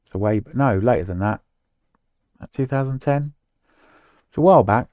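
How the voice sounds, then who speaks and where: A man's voice: medium pitch, normal speed, a little mellow, no room sound. A man co-hosting a casual podcast chat, rambling, swearing casually and trailing off mid-sentence. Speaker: podcast co-host.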